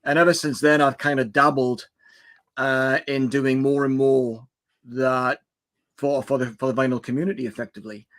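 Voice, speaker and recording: A man's voice: mid-range voice, flat delivery, moderate pace, fairly bright tone. A retired man in his sixties, a guest on a live stream, chatting with loose enthusiasm about how he started. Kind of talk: casual chat on a live stream.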